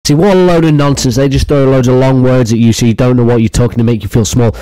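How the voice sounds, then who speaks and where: A man's voice: medium pitch, fairly even intonation, quick pace, warm tone, no room sound. Mock-angry man ranting crudely. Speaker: comedy commentary youtuber. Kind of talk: ranting comedic commentary.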